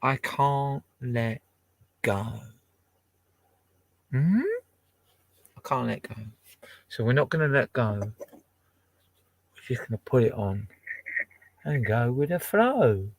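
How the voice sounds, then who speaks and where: A man's voice: mid-range voice, lively intonation, slow pace, long pauses, dry recording. A man in his sixties, chatting casually and swearing as he plays vinyl records and jokes at himself. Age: 60s. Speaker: home DJ playing vinyl records. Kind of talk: casual chat.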